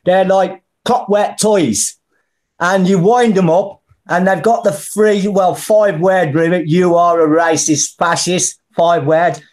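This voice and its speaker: A man's voice: sits high, slow, darkish tone. A middle-aged man from the English Midlands with a Birmingham accent, a guest talking bluntly and colloquially in a casual interview. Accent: Birmingham (Brummie). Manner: blunt and colloquial, calls people mate and brother.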